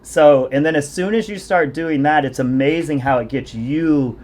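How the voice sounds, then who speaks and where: A man's voice: on the high side, moderate pace, a little mellow. A man hosting a podcast, a fitness coach telling long self-deprecating stories in casual conversation. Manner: rambling, self-deprecating storytelling.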